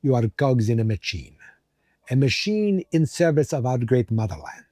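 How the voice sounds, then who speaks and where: A man voicing a stern male prison guard with an attempted Russian accent and slow, menacing threats. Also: mid-range voice, big pitch swings, warm tone, dry recording, studio quality, lightly acted.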